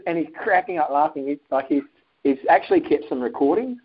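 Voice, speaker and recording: Fairly high-pitched, slightly rough, and a little fast, this man is a guest in a casual interview telling a personal story. He animatedly acts out phone calls and quoted lines, captured in dull lo-fi sound.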